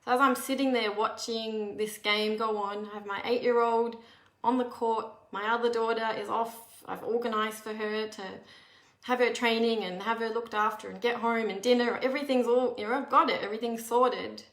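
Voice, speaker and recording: In a fairly high, steady, slightly bright voice, a woman shares a personal story at a moderate pace. She's earnest and conversational, often starting over mid-thought, and the space echoes.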